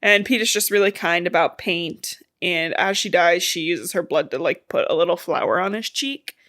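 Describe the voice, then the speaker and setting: In a relaxed book recap chat, a young woman podcast co-host wanders loosely through the story, swearing casually and acting out quotes. She has a slight lisp and a lowish, fairly bright voice at a moderate pace.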